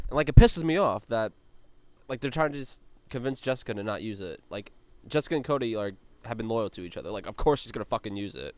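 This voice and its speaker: A man's voice: medium pitch, expressive, fast, darkish tone. A man hosting a podcast, recapping a reality show in a chatty way with lots of "like" and frequent swearing. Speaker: podcast host.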